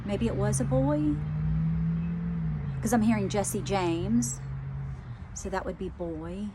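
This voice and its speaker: Hesitant, soft-spoken woman psychic medium. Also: medium pitch, takes it slowly, heavy background noise. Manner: hesitant, repeats phrases, many fillers. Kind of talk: live psychic channelling reading.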